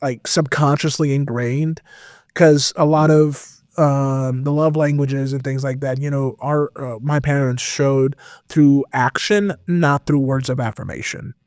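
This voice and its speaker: A man guest on a podcast, telling a personal story in a casual, animated way with lots of fillers. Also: medium pitch, a little slow, dry recording, clean studio sound. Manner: animated, expressive, full of fillers. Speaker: podcast guest, metal vocalist.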